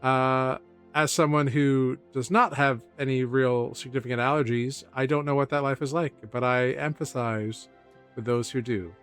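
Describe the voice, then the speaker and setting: A man running a tabletop game from his home setup, chatty and relaxed, correcting himself as he goes. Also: medium pitch, normal speed, clear, resonant tone, soft background music. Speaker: game master. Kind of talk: casual tabletop game chat.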